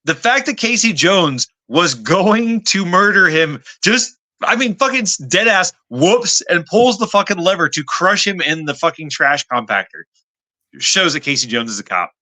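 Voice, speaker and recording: Bright, animated man swearing freely. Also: high voice, normal speed, no echo. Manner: animated, swears freely, talks over others. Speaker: podcast co-host. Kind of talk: casual movie-review chat.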